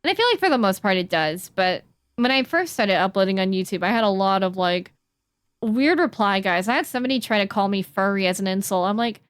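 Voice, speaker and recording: A woman's voice: medium pitch, expressive, fairly quick, clean tone, no room sound. A young woman streaming, chatting with her viewers in an earnest way and breaking into playful silly noises. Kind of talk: casual chat with stream chat. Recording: faint music behind the voice.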